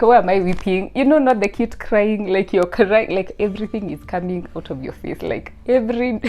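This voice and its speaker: A young woman, casually telling her personal faith testimony in a chatty, lively way. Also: medium pitch. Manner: chatty, lots of "like", lively, rising to loud excited bursts. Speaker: student sharing her testimony.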